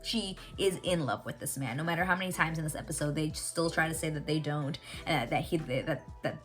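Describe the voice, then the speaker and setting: A woman recapping a TV episode in casual reaction chat, animated and excitable, swearing freely. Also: low voice, brisk, soft background music. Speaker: TV reaction vlogger.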